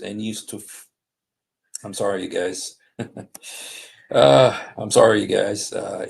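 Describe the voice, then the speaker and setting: A man with a low, gravelly voice hosts a casual livestream. He reads passages aloud slowly, stopping often with fillers and apologies. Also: slight background noise. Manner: halting, many fillers and apologies. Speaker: livestream host. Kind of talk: casual livestream commentary reading texts aloud. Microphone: desktop streaming mic.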